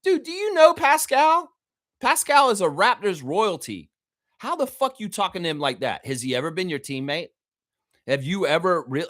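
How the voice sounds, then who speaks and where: A man's voice: on the high side, fairly bright tone. A man hosting a fan show, ranting in a heated, profane, indignant way to a co-host.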